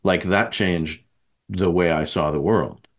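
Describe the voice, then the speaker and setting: Speaking slowly in a low voice, this podcast host from the American Midwest rambles through casual conversation. He keeps correcting himself and laughs often.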